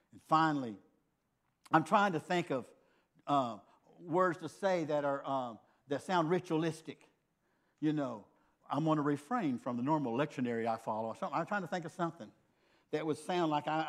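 An older man preaching a sermon, telling a personal story in an earnest, conversational way. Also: medium pitch.

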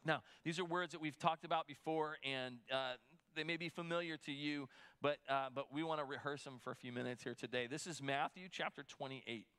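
Male pastor preaching to his congregation; a slightly raised pitch, loose conversational delivery with frequent restarts. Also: brisk, a bit bright, smooth. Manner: conversational, repeats words when restarting. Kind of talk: sermon.

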